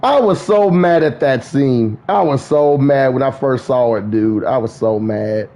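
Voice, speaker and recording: A man chatting casually on a gaming livestream, excitable and profane, laughing often as he talks. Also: medium pitch, unhurried. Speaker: gaming streamer.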